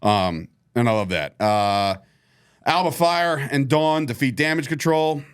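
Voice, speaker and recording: A man's voice: mid-range voice, lively intonation, measured pace, clean tone. Profane laughing man recapping wrestling. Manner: profane, laughing, runs through results. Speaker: podcast host. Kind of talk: casual wrestling recap chat. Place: studio.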